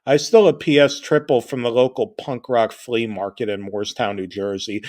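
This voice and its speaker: A man's voice: medium pitch, fairly even intonation, moderate pace, hardly any pauses, a little mellow. A man narrating a comedic horror-parody story with crude, rambling, self-deprecating jokes.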